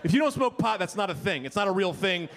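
A man in his thirties doing a stand-up comedy set, animated and shouting his punchlines. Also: high voice, quick pace, a little hiss or hum. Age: 30s. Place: comedy club. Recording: live club with crowd laughter. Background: audience laughter.

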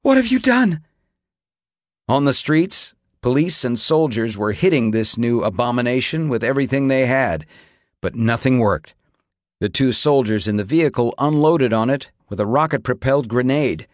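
A man reading an audiobook with dramatic, expressive narration. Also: mid-range voice, moderate pace, no echo, studio quality. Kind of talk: scripted narration.

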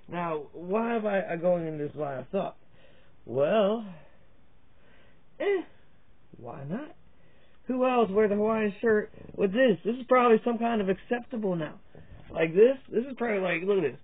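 A man's voice: high-pitched, normal speed, breathy edge. Crude rambling man, tinny phone-like sound. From Virginia, USA. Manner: crude, profane, jokey, jumps between topics. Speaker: comedy vlogger. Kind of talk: rambling stand-up style monologue.

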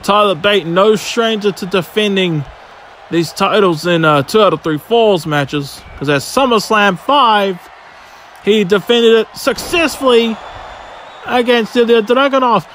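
A man with a high voice does play-by-play for a wrestling video game, drawing his words out slowly. He bursts into shouts at near-falls and big moves. Faint game sound hums behind him. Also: slight background noise. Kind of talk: excited play-by-play commentary.

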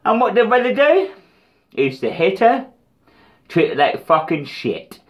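A man's voice: high voice, very animated, a little slow. A British man ranting in a rambling, profane, taunting diss vlog. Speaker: vlogger.

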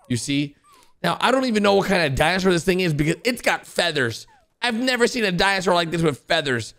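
A man excitedly commenting on cartoon clips for viewers, exclaiming, gasping and laughing as he goes. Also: sits high, creaky. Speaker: host reacting to animations.

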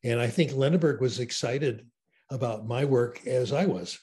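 A man's voice: mid-range voice, moderate pace. An older man talks with enthusiasm, telling stories in a conversational interview. His voice sits in a middle range. He sounds like he is on a video call. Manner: enthusiastic storyteller, animated. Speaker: interview guest.

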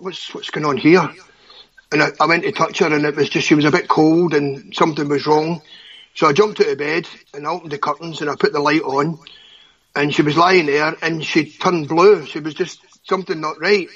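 A Scottish man in his fifties, a guest giving emotional personal testimony, halting and often repeating words. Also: fairly high pitch, fairly bright tone, slightly rough. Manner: halting, repeats words, stammers when upset. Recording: dull lo-fi audio.

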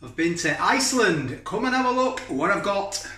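Casual food vlogger, male, slightly high voice, rambling and homely, loves a tag question. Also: big pitch swings, moderate pace, pushed and bright. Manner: chatty, rambling, keeps asking tag questions. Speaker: food reviewer. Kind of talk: casual food review vlog. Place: home kitchen, indoors.

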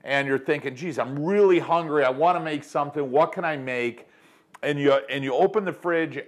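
A middle-aged man hosts a cooking show in his home kitchen, talking to viewers in an upbeat, chatty way. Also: fairly high pitch. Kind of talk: casual cooking demonstration.

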